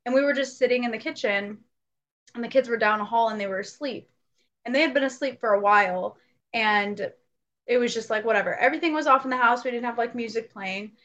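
In a dull, lo-fi recording, a podcast co-host shares a story during relaxed conversation. She's a young adult woman with a fairly high, fairly quick voice, and she animatedly performs each quoted line.

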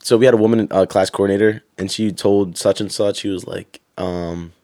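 A young man telling stories in a casual chat, animated and swearing, acting out drill instructors. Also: fairly low pitch, normal speed, no echo, clean studio sound. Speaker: guest.

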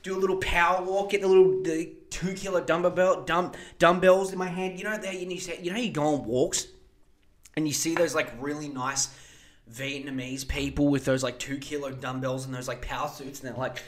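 A man in his twenties with an Australian accent, hosting a podcast in a profane, animated comedic rant. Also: high-pitched, fairly quick. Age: 20s. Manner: profane, animated, mock voices for others. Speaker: podcast host.

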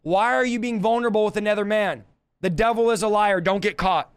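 Young adult male preacher, live teaching; smooth, high-pitched, forceful and repetitive delivery. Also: brisk. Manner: emphatic, repetitive exhortation.

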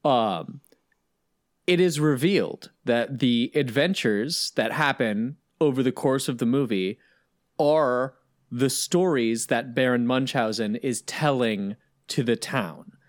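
A man's voice: mid-range voice, slow pace, dry recording, studio quality. A man hosting a casual podcast about films, telling stories with animation and acting out the quotes. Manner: animated storyteller, acts out quotes. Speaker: podcast host. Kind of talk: casual film-discussion chat.

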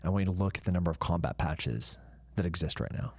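A man hosting a podcast interview in a measured, emphatic way. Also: sits low, a little mellow, slightly rough, no echo, studio quality. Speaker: podcast host. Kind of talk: casual interview chat.

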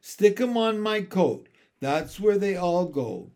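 A man voicing a tiny, ancient shopkeeper woman with a high, shrill little voice, bossy to her daughters and sly with guests. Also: sing-song, slow, a little mellow, exaggerated voice. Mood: brisk. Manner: switches between scolding and sugary coaxing.

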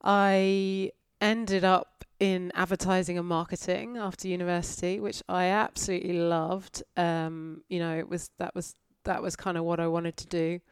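A woman's voice: lowish voice, flat delivery, normal speed, hardly any pauses, clean tone, dry recording, studio quality. A woman in her forties from North Yorkshire, candidly reflecting on her life as a podcast guest. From North Yorkshire, England. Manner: reflective, candid, many fillers and restarts. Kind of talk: conversational interview.

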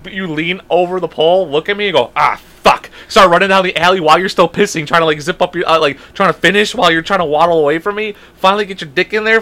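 A young man in his twenties co-hosting a podcast, telling a story in a casual, animated and profane way and acting out the quotes. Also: a little high. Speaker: podcast co-host.

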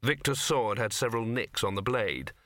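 A man's voice: animated, moderate pace, fairly bright tone, no room sound, clean studio sound. A man narrating a comic fantasy novel, lifting his voice for the characters' lines. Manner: reads all the characters in one voice, lifting pitch for dialogue. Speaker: audiobook narrator. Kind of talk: scripted narration.

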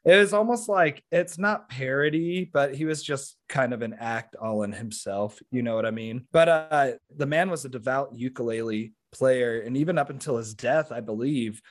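Man, mid-pitch, easygoing podcast storyteller. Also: moderate pace, few pauses. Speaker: podcast co-host. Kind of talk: casual chat.

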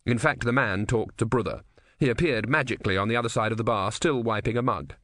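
A man narrating an audiobook in an expressive, wry storytelling manner. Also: medium pitch, quick pace, no echo, studio quality.

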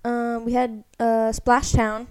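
A woman from Texas chatting on a podcast in a fairly high voice. She gets loud when excited and trips over her own sentences. Her talk is casual and bubbly. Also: slow pace, smooth. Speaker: podcast co-host. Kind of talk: casual chat.

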